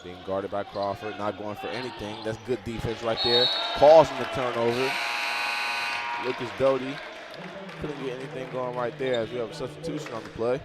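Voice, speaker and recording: A man doing casual, chatty play-by-play for a college basketball game. He sometimes bursts into loud, excited calls on big plays. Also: medium pitch, normal speed, very noisy. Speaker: play-by-play commentator.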